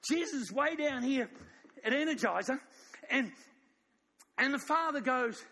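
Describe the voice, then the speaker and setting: A man's voice: very high voice, normal speed, long pauses, sharp tone. A man preaching a sermon in an emphatic storytelling way. He repeats phrases and puts questions to the audience. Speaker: pastor. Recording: long echoing hall reverb.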